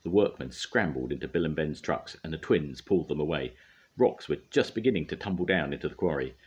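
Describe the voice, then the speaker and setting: Deep husky grandfather reading storybooks. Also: brisk. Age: older. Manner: gentle, expressive reading with occasional slips.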